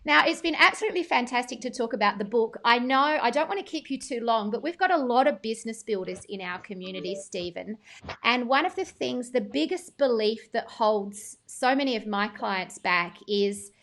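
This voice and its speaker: Woman host, upbeat and affirming, slightly high voice, casual live interview. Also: animated, moderate pace, fairly bright tone. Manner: enthusiastic, affirming, reads out viewer comments.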